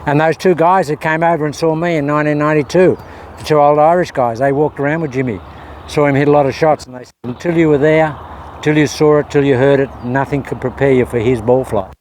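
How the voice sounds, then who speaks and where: A man's voice: a little high, fairly even intonation, quick pace, darkish tone. Chatty man talking golf outdoors. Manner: chatty, coaching himself between shots. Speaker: golf vlogger. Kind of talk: casual talk to camera while practising. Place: outdoor golf practice area. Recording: faint outdoor noise.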